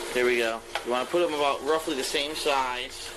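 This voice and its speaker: A man's voice: mid-range voice, heavy background noise. A man casually narrating each step as he cooks on a stream, rambling and swearing. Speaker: streamer cooking on camera.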